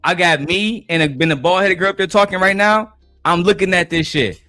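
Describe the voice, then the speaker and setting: A man streaming live, telling stories in a profane, boastful, animated way. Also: high voice, brisk, no room sound, clean studio sound, faint music behind. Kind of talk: livestream rant.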